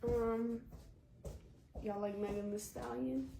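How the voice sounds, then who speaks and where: A woman's voice: a little high, fairly even intonation, slow, vocal fry. A young woman in her twenties chatting on a podcast with a friend, teasing and playful. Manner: teasing, playful, bursts into yelling. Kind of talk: casual podcast chat. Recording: echoey room, faint background noise.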